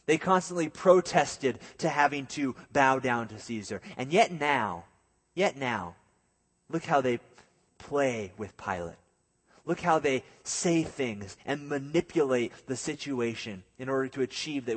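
A man's voice: mid-range voice, lively intonation, moderate pace, slightly rough, long reverb tail. A man preaching a sermon. He reads scripture aloud and then explains it, sometimes acting out the voices of people in the story.

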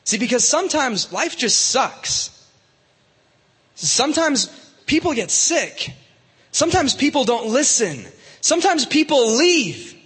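A man's voice: extremely high pitch, big pitch swings, unhurried, long pauses, fairly bright tone, breathy edge, in a large hall. A man preaching to young people in a casual, conversational way, with many fillers and restarts. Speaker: youth pastor. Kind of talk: youth sermon.

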